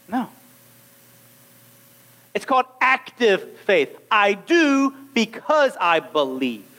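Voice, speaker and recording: Male preacher, high voice, wide swings in pitch, animated sermon delivery. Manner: animated, acts out little scenes and voices.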